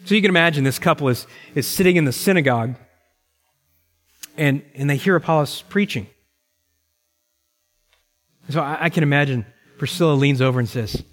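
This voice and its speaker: A middle-aged male pastor preaching a sermon with emphasis, slowing down to repeat key phrases. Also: a little high. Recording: long reverb in a large hall.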